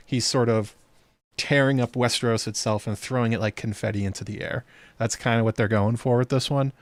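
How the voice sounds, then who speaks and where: Casual guy breaking down a tv episode, sarcastic, laughs a lot, mid pitch. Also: no echo. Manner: chatty and sarcastic, laughing at scenes. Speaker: host of a TV episode breakdown channel. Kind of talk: casual commentary.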